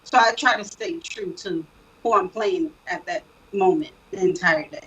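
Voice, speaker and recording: Woman from south florida chatting about acting, husky breathy voice, sounds a little far from the mic. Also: medium pitch, moderate pace. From born in the Bahamas, raised in South Florida. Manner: reflective, animated storytelling with many fillers. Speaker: actress guest. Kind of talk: casual interview talk.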